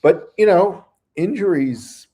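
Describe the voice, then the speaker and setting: An older man co-hosting a casual sports talk, measured and halting as he weighs his points. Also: sits high, animated, warm tone, a little hiss or hum. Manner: measured, hesitant, restarts phrases. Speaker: sports analyst co-host.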